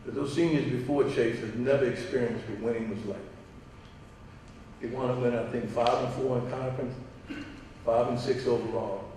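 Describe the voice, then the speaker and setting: At a banquet in a large hall, a middle-aged father gives a hall of fame induction speech full of stories, acting out quotes and adding laughing asides. His medium-pitched voice moves at normal speed with long pauses. The audio is noisy and echoey, captured from far off.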